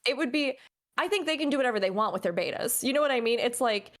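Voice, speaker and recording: Easygoing woman guest, higher voice. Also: expressive, fast. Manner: easygoing, thinks aloud with fillers. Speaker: podcast guest. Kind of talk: casual chat.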